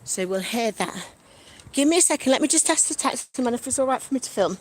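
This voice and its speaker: A woman's voice: high voice, expressive, fast, a little hiss or hum. A chatty, giggly woman with an East Midlands accent, talking casually to viewers and reading out their comments. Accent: East Midlands English. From Nottingham, England. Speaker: vlogger. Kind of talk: casual livestream chat.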